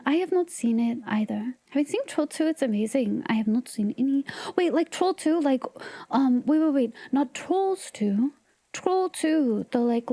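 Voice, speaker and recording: A woman hosts a livestream, chatting casually and playfully with viewers, giggling often and sometimes dropping to a whisper. Her voice is high and mellow, with no echo.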